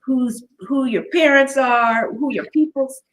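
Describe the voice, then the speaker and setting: A woman's voice: high-pitched, unhurried. Middle-aged woman, interview host, friendly and encouraging. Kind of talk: livestream interview.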